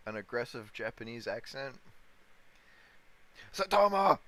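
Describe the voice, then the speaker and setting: A man's voice: deep voice, steady tone, unhurried, fairly bright tone, poor audio. A man livestreaming, thinking aloud in casual commentary while he chats with viewers and chuckles often. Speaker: livestreamer day-trading crypto. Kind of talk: casual live-stream commentary.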